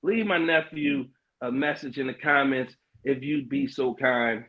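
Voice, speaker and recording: A middle-aged man hosting a podcast livestream in casual chat, loose and hyped, with lots of slang, fillers and quick laughs. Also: medium pitch, dull audio. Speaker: podcast host.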